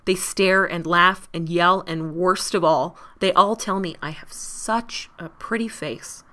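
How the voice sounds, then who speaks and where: A woman's voice: on the low side, unhurried, pushed and bright. A woman voicing a frustrated, hurt young woman who insists on her own decisions, earnest and pleading.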